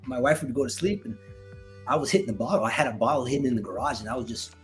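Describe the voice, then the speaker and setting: A middle-aged man, a retired Marine veteran, telling a story in casual conversation, animated and acting out dialogue with many restarts. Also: mid-range voice, racing, faint music behind.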